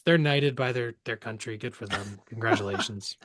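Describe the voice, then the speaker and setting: A man co-hosting a podcast in casual chat, sarcastic and quick to swear, from the Boston area. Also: fairly low pitch, no echo. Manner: animated, sarcastic, swears freely. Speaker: podcast co-host.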